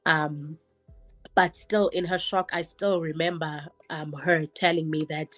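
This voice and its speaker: Earnest woman guest, lower-pitched, reflective storytelling. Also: fairly even intonation, a little slow. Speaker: podcast guest. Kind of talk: personal storytelling.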